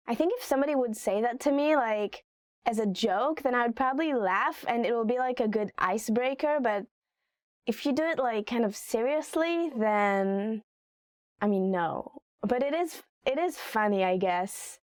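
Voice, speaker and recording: A young woman teaching a casual language lesson, chatty and giggly, full of fillers, reading example lines slowly and carefully. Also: a little high, expressive, dry recording, clean studio sound. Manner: giggly, chatty, filler-heavy, slow careful English renderings.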